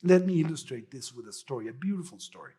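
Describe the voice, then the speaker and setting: Husky male Buddhist teacher, anecdotal dharma talk, frequent "no?" tags. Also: medium pitch, expressive, fast talker, warm tone. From Mexico. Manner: anecdotal, tags phrases with a questioning "no?".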